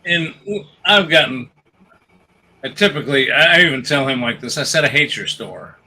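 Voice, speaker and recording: A man's voice: medium pitch, expressive, normal speed, pushed and bright, slight background noise, poor audio. A man co-hosting a casual gaming chat, telling long stories and jokes with many restarts. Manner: rambling storyteller, restarts and retells jokes. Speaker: podcast co-host.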